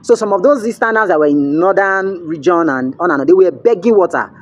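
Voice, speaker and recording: His voice sits high with lively intonation, and he talks a little fast. He's a young vlogger with a Nigerian accent narrating a story to camera, chatty, blending in pidgin and often asking the viewer "you get?"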